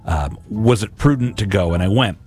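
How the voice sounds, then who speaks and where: Earnest man in his forties, low voice, casual gospel reflection with soft music behind. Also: animated, moderate pace. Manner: earnest, conversational, with frequent repeated words.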